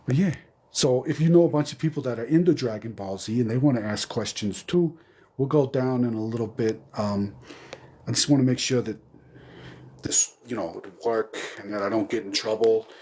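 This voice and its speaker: A man live streaming from a garage, talking in a meandering, offhand, deadpan way. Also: mid-range voice, normal speed, slightly rough. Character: undead zombie entertainer persona, man. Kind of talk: rambling comedic live stream.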